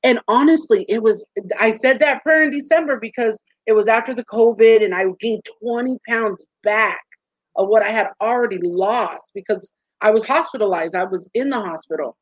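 A woman's voice: on the high side, moderate pace, no echo. A woman in her thirties, a guest in a candid interview, talking earnestly and animatedly and acting out voices in her stories. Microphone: video call. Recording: dull muffled lo-fi sound.

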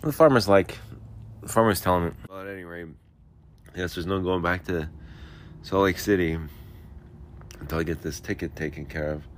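A man's voice: low-pitched, moderate pace, long pauses, a little hiss or hum. A man rambling sarcastically about a police ticket, tipsy and mumbling at times, recorded outdoors. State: tipsy, drinking beer. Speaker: podcaster telling a personal story. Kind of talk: rambling casual monologue. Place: outdoors, homeless.

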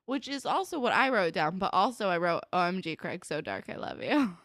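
A young woman from New Jersey co-hosts a podcast, recapping a TV episode in loose, chatty talk packed with "like" and "um" and quick asides. Her voice is on the low side, very animated and fairly bright, captured in a dry, clean studio recording.

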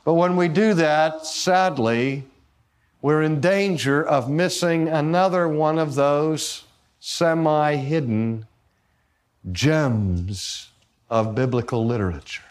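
A man delivering a theological lecture-sermon, speaking deliberately, pressing key words and putting rhetorical questions to his listeners. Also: a little high. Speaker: preacher and teacher.

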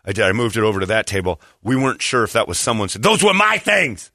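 A man's voice: rapid-fire, no room sound, studio quality. A man telling a story in casual chat, acting out the people he quotes. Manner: animated, acts out quotes with raised pitch.

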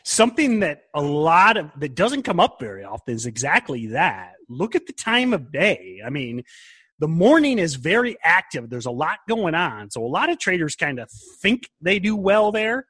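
A man's voice: a little high, very animated, moderate pace, fairly bright tone, slightly rough, no room sound. A man hosting a podcast, giving emphatic trading advice in casual chat. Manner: emphatic, advising. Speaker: podcast host, trading mentor.

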